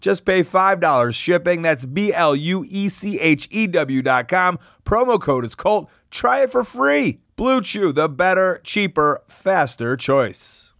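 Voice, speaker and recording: Joking american guy hosting a podcast, kinda high voice, dry sound. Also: big pitch swings, unhurried, hardly any pauses, a bit bright, no echo. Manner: joking, laughs often. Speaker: podcast host. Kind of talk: casual chat and sponsor read.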